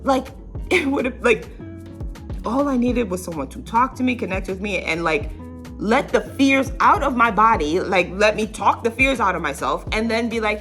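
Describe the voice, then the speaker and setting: Animated young woman telling a story. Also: on the high side, moderate pace, faint music behind. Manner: animated, rambling with many fillers and laughs. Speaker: vlogger. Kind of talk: casual storytelling.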